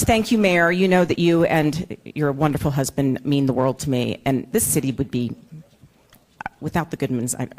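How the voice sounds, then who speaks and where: A woman with a slightly low voice gives a heartfelt acceptance speech in a council chamber. She sounds close to tears and warmly grateful throughout. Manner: heartfelt and tearful, with light laughter. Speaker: city video host receiving an award.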